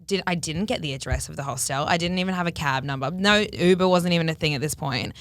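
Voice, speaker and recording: A woman in her early twenties, a podcast guest who chats casually and tells a rambling, animated story with some swearing. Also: low-pitched, quick pace, dry recording. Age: early 20s. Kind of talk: casual chat.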